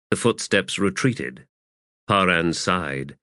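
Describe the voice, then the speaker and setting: A man narrating a fantasy audiobook in a measured, expressive way on a close studio mic. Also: on the low side, no echo.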